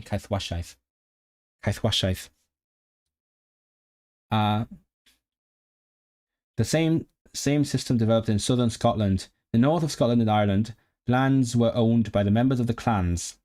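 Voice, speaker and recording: On a laid-back study livestream, a language-learning streamer with a medium-pitched, slightly mellow voice thinks out loud. He sounds out unfamiliar words and repeats them.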